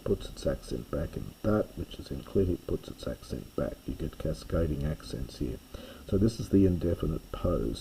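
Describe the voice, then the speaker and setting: A man teaching a slow line-by-line reading of ancient Greek, stopping with fillers and stressing each translation. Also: deep voice, warm tone, slight background noise, rough recording. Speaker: classics teacher reading Homer.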